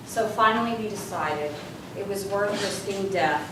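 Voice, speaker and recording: A woman giving a humorous storytelling speech as a guest speaker, with animated comic timing. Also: mid-range voice, normal speed, very noisy. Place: large hall with live audience. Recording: echoey hall from far off. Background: room ambience and audience laughter.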